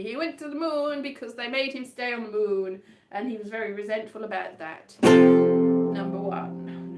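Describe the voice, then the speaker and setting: Woman, high-pitched, whimsical and rambling solo performer; echoey room with faint guitar. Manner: whimsical, playful, wandering off on tangents. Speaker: solo live-stream performer. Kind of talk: rambling improvised comic chat between songs. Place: indoor room.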